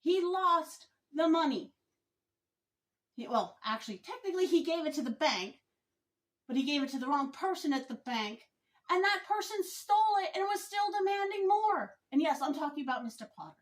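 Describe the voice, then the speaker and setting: A woman vlogger giving an opinion commentary monologue, speaking in a deliberate, emphatic and indignant way. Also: high voice, animated.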